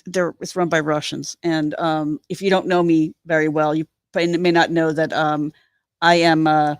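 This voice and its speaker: A woman hosting a podcast in casual chat, rambling through animated stories and swearing casually. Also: sits low, moderate pace, no echo, studio quality. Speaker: podcast host.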